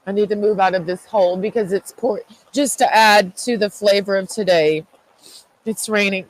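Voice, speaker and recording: In a tearful confessional vlog, a woman vents through her crying, cursing and saying things over again. Her voice is medium-pitched at a normal pace, and the audio quality is poor.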